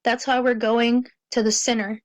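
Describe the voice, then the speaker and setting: A man's voice: very high voice, flat delivery, moderate pace, dry recording, pitched above the performer's own voice. A man voicing a frightened young woman held at knifepoint in an audiobook, in a raised, tense, pleading voice. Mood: desperate.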